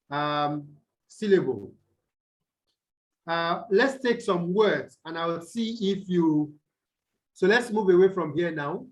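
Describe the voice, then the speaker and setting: A man tutoring students over a video call, explaining slowly and quizzing them as he goes. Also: high-pitched. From Nigeria. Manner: slow, deliberate, quizzes students. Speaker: English tutor. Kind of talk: online tutorial lesson.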